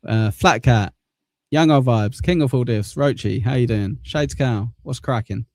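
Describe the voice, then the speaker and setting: A man from the south of England who speaks with a Mancunian accent hosts a casual live stream, joking, swearing often and laughing at his own bad luck. His mid-range voice is unhurried and darkish in tone, with no room sound.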